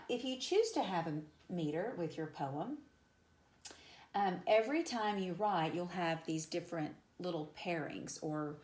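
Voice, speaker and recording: A woman's voice: fairly low pitch, a little mellow. A woman English teacher giving a conversational lecture, repeating example words aloud and using casual fillers. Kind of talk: classroom lecture at a whiteboard. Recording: echoey room.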